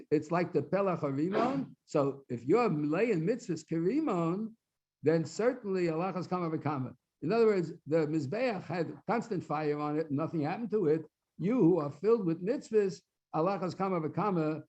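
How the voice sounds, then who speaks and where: A rabbi with a fairly high, slightly mellow voice gives a Talmud lecture in a synagogue hall to mark a study completion, captured on a dull lo-fi recording. He explains and translates each source phrase by phrase, sometimes repeating words while he looks for the next phrase.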